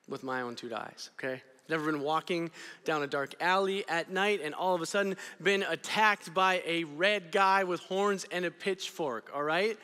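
A young man giving an energetic, storytelling youth sermon. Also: on the high side, in a large hall. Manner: energetic, storytelling, drops to quiet intensity. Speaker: student ministry speaker. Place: church auditorium.

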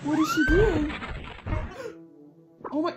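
A woman voicing Pomni, an anxious and excitable young jester, reacting to an animation with gasps and startled exclamations. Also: high voice, slow, low-quality recording. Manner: gasping, exclaiming, easily scared. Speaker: reaction video host. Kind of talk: character reaction commentary. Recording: loud background music.

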